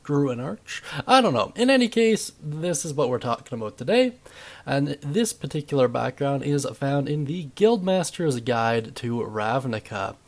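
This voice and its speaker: An enthusiastic young man hosting a tabletop roleplaying channel. His voice rises and falls in an animated sing-song as he chats to viewers. It sits at an ordinary middle pitch for a man. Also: normal speed. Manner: upbeat, chatty, lively intonation. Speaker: D&D video host. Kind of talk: enthusiastic tabletop game explainer.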